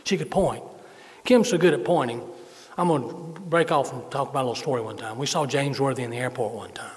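A man's voice: medium pitch, fast talker. A middle-aged male pastor giving a sermon, repeating phrases for emphasis and adding folksy humor. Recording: long hall reverb.

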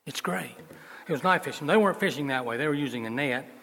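A man preaching a sermon as pastor, telling stories in a folksy way and moving between loud emphasis and soft asides. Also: fairly high pitch, lively intonation, fast talker, vocal fry. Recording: long reverb of a large hall.

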